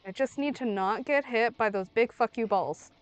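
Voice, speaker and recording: A young woman streaming a video game, talking to it as she plays, pleading, yelling and swearing freely. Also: a little high, normal speed. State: under the weather. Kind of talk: casual gameplay commentary. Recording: dry close mic with faint game music.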